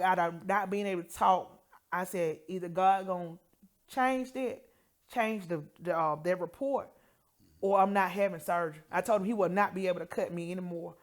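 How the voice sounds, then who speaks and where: A woman telling an emotional healing testimony as co-host, acting out the people she quotes. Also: medium pitch. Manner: emotional storytelling, quotes others in lively voices.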